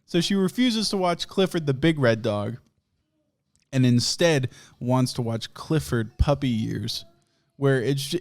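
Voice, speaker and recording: A man's voice: medium pitch, a little mellow. A man hosting a podcast, telling rambling, profane comic stories and laughing often. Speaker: podcast host. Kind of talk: casual comedic storytelling.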